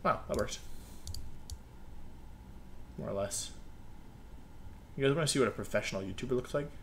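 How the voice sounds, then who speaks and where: A man's voice: mid-range voice, moderate pace, creaky, a little hiss or hum. A young man chatting casually to his viewers while recording a game video at his desk at home, rambling and joking at himself. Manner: rambling, self-mocking, talks to himself. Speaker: gaming video creator.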